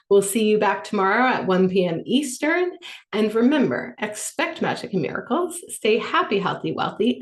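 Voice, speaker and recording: A woman's voice: mid-range voice, reverberant. A woman hosting a live online business workshop as a coach, upbeat and encouraging in a motivational way.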